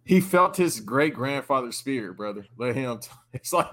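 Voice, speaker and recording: A man's voice: mid-range voice, animated, moderate pace, a bit bright. A man hosting a podcast in easygoing casual chat. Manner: easygoing, says "bro". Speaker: podcast host.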